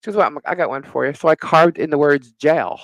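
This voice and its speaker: A man's voice: on the high side, fast, dry recording, rough recording. A middle-aged man co-hosting a live talk show, telling a neighbor story in casual chat, laughing often and cursing freely. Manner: animated storyteller, frequent laughter, swears. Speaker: podcast co-host.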